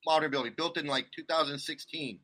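Guy with a high bright voice rambling thru a story, lots of laughs n restarts. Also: fast. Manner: rambling, animated, laughs often, many restarts. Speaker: guest telling a travel story. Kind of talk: casual storytelling chat. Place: condo abroad.

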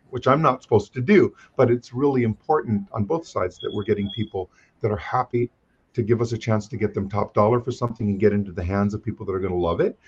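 A man with a lowish, slightly husky voice talks shop as an auctioneer, animated and full of anecdotes. The recording sounds dull and lo-fi. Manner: animated, chatty storyteller. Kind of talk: conversational interview.

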